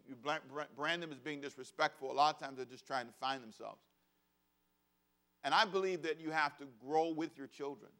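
A man's voice: a little high, fairly bright tone. A middle-aged man preaching a sermon as pastor, conversational and humorous, asking the congregation to repeat phrases and acting out the voices of parents and children. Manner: acts out quoted voices of kids and parents.

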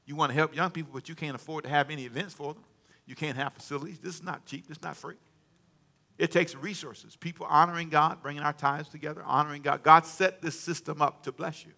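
A man preaches to his congregation in a bright, forceful voice that sits a little high for a man. He leads them in call-and-response, pushing some lines out loud and dropping others low. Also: fairly even intonation, fast, gravelly. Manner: call-and-response preaching, dramatic swings in volume. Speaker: pastor. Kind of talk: sermon. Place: church sanctuary with congregation.

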